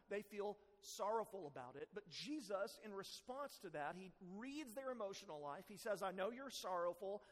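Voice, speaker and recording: A man's voice: high-pitched, in a large hall. A man preaching a sermon as pastor, earnest and self-deprecating, with rising emphasis on key points.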